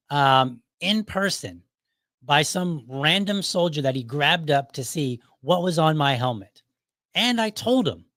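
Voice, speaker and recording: A man's voice: fairly high pitch, fairly bright tone, no room sound. A middle-aged man hosting his own show, telling a casual story in a loose, conversational way and chuckling often as he goes. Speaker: podcast host.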